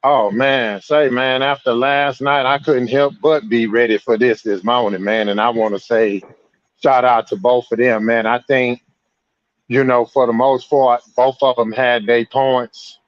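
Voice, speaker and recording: A man's voice: mid-range voice, fairly even intonation, a little slow, dry recording. An easygoing man calls in and keeps tagging his sentences with "man". His line sounds dull and lo-fi, and completely dry. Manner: easygoing, sprinkles 'man' everywhere. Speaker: caller. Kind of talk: casual call-in commentary.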